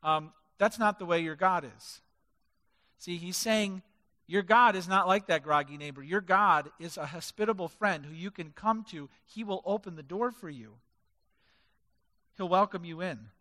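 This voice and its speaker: A man's high, bright, pushed voice carries through a reverberant hall as he preaches a sermon at a moderate pace. As a pastor, he is emphatic, stacking lists of words to drive his points home.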